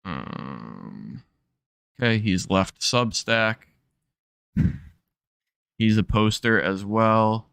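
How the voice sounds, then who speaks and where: Slow-talking nasal male streamer. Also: fairly low pitch, expressive, vocal fry, a bit bright, clean tone, no room sound, studio quality. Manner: rambling, self-interrupting, sprinkled with profanity. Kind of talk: casual live-stream commentary.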